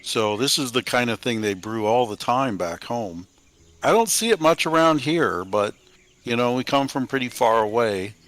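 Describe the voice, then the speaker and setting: A man's voice: medium pitch, lively intonation, normal speed, a bit bright. A man playing a tabletop game, speaking politely and hesitantly in character. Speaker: player. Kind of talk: in-character role-play.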